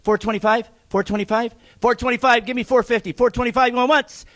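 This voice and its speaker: A man running a live charity auction, teasing the crowd and calling bids quickly. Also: very high voice, fairly even intonation, fairly bright tone. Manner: joking, teasing, rapid bid calling.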